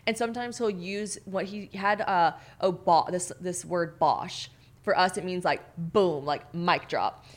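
A woman's voice: on the low side, a little slow. A woman guesting on a podcast, chatting casually and telling stories with lots of fillers. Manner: animated storyteller, lots of fillers, slips into mock voices. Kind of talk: casual chat.

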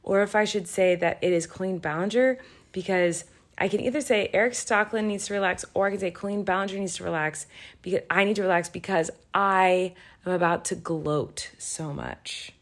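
A woman's voice: mid-range voice, moderate pace. A woman in her thirties co-hosting a podcast in casual chat, rambling and sleepy, with yawns in her talk. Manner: rambling, animated, sleepy and yawning. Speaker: podcast co-host.

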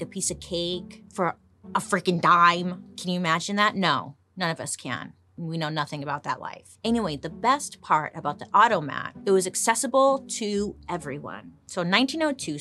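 A young adult woman hosting a storytelling podcast, chatty and playful, with jokey asides and sudden jumps up in pitch. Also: a bit bright. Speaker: podcast host.

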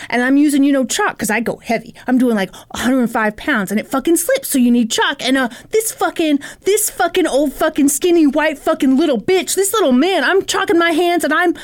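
A woman's voice: high voice, pitched above the performer's own voice. Woman doing a furious foul-mouthed gym bro. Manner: profane shouted ranting. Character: loud foul-mouthed aggressive young man ranting. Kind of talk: comic retelling in a podcast.

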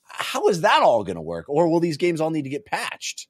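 A man co-hosting a casual discussion, animated and wondering aloud. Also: on the high side, moderate pace, husky, dry recording, studio quality.

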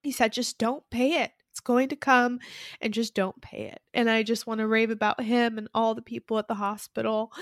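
A woman's voice: fairly high pitch, flat delivery, moderate pace, no room sound, clean studio sound. Earnest woman podcast host. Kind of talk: casual heartfelt podcast talk.

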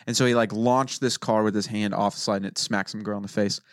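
A man's voice: on the low side, steady tone, quick pace, no room sound, clean studio sound. A man in casual family chat on a podcast, joking and telling anecdotes. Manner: jokey, tells anecdotes. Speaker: podcast co-host.

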